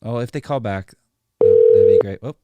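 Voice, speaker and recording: A man's voice: on the low side, moderate pace, phone-quality sound. A man hosting a live stream, chatting in an easygoing way and laughing often. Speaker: livestream host. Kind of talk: casual live-stream chat.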